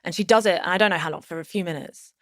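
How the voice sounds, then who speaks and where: A woman's voice: fairly low pitch, rapid-fire, a bit bright, no echo, studio quality. A woman as a podcast guest, telling a personal story casually, rambling with many fillers and restarts.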